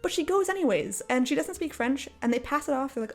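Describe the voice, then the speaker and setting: A fairly high-voiced woman rants in a casual, exasperated and sarcastic way, often breaking into laughter. She talks from inside her apartment. Soft cafe music plays faintly behind her. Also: animated, brisk, few pauses. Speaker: video creator. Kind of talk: casual commentary rant. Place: apartment, indoors.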